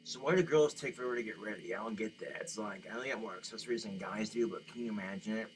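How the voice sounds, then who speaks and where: A man's voice: on the low side, fast talker, poor audio. A man delivering a rambling, crude comedic rant as a vlogger. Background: guitar music.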